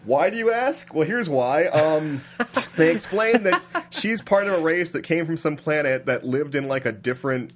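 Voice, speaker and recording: A man's voice: on the high side, moderate pace, slight background noise. Guy rambling thru a movie plot on a podcast, lots of "like", laughs a lot. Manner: animated storyteller, many "like"s, laughing at absurdity. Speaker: podcast co-host recapping a film. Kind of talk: casual chat.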